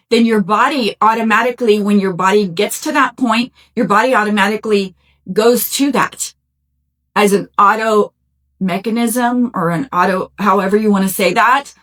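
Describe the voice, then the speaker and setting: A woman's voice: on the high side, fairly bright tone. A middle-aged woman hosting a motivational self-help talk, speaking to listeners in an encouraging, conversational way with a folksy "y'all" and "right?". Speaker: podcast host.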